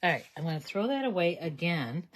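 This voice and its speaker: Hosting a live card-making session, a woman with a fairly low-pitched voice chats while she explains each step to herself at the craft table. There's slight background noise.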